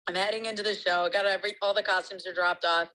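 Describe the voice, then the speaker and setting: A woman tells a story over a remote call in a bright, clear voice. She talks in a lively, animated way and laughs as she goes. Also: mid-range voice, fast, a little hiss or hum, poor audio. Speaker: guest sharing a story. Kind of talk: casual storytelling.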